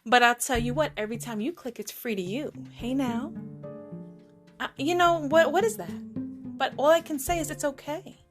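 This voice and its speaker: Woman, podcast host, sassy animated storytelling, high voice, music in background. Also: a little fast. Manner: sassy, animated, playful slang. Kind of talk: casual storytelling monologue.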